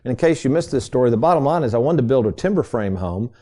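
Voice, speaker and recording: Folksy mellow-voiced man radio host. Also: mid-range voice, expressive, quick pace. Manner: folksy, addresses listeners as folks. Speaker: radio show host and financial advisor. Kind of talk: casual storytelling radio talk.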